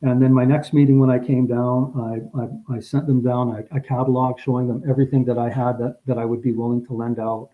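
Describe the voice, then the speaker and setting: Recalling a personal story as a guest, a man rambles, restarting and repeating words often, and gets emotional as it comes back to him. His mid-range voice is flat and fast, with hardly any pauses, and the lo-fi sound is dull.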